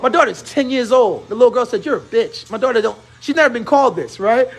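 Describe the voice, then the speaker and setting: A man in his thirties hosting a casual chat, telling an animated story and acting out the dialogue he quotes. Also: very high voice, fast talker, creaky, slightly rough. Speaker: host. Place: barbershop.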